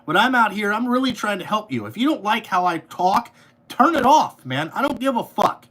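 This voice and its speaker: Here the same podcast host and trucking company owner delivers a profane, angry monologue, swearing constantly and leaning on filler words as he rambles. He speaks a little fast in a high register, with a sharp tone and wide pitch swings.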